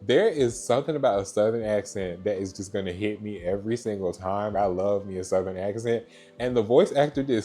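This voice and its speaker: Chatty low-voiced man reviewing books. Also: a little mellow. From Georgia, US. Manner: chatty, gushing, repeats "so yeah". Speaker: book reviewer. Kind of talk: casual book review chat.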